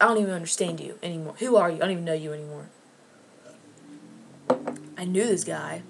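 A woman's voice: on the low side, slight background noise. A woman vlogger ranting angrily and sarcastically to camera, with plenty of swearing. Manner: angry, profane, sarcastic.

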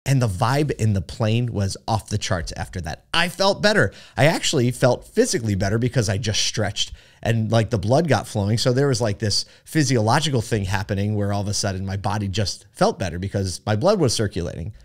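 A man's voice: fairly low pitch, expressive, fairly quick, hardly any pauses. A man hosting a podcast, telling a story in a chatty way with many fillers and asides. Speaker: podcast host. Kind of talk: casual storytelling monologue.

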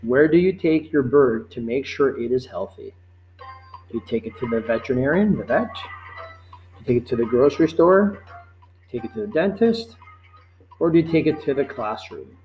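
A man teaching a life-skills quiz, reading each question slowly and patiently, then repeating it before giving the answer. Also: medium pitch, lively intonation, darkish tone, soft background music, low-quality recording. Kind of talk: quiz lesson narration.

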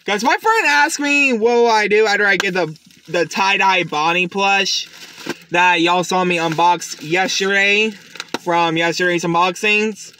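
Bright, high-voiced tired man vlogging. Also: measured pace, a little hiss or hum. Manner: chatty, rambling, with restarts and fillers. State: tired, up since early morning. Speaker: YouTube unboxing host. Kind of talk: casual unboxing vlog.

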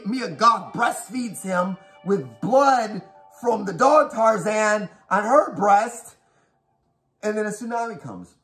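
A man giving a profane, animated, rapid-fire recap of a horror movie. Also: very high voice. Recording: echoey room with faint music.

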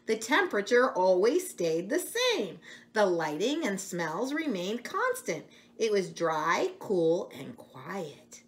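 A middle-aged woman reading a children's picture book aloud, expressive, pausing to chat with young listeners. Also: mid-range voice. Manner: expressive, slow, chats to the listener between pages. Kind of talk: read-aloud storytelling for children.

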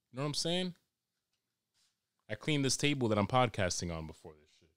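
New dude in his 20s ranting and cursing on his podcast, lowish voice, dead dry mic. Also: moderate pace, long pauses, no echo. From New York. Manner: crude, excitable, swears constantly. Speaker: podcast host. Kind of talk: profane comic monologue.

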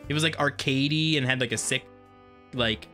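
A game streamer giving casual let's-play commentary, excitable and quick to swear and yelp at sudden scares. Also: mid-range voice, faint music behind. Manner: excitable, swears a lot, yelps at jump scares.

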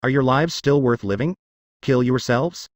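A man's voice: mid-range voice, unhurried, no echo, studio quality, close to an everyday voice. A man reading as a cold, ruthless young man. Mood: contemptuous.

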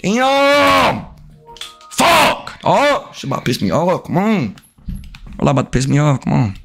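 A man live-streaming a video game, cursing and trash-talking at his chat, with sudden yelled outbursts. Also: mid-range voice, very animated, brisk, breathy edge. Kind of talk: casual live-stream commentary while gaming.

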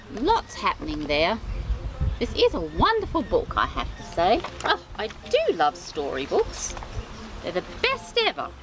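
A woman reading a children's storybook aloud as host, expressive and sing-song, with chatty asides of sympathy. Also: on the high side, noisy background. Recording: reading over background music. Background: music.

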